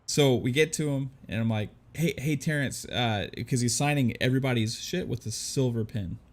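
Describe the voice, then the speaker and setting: A man's voice: medium pitch, moderate pace. A married man telling a story in casual chat, laid-back, stumbling over words and swearing. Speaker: podcast panelist.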